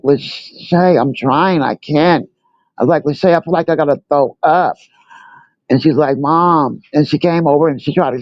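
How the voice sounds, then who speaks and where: A woman's voice: low-pitched, no room sound, lo-fi sound. An older grandmother telling her own story casually, repeating herself and acting out what people said. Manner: animated, repeats herself, acts out quotes.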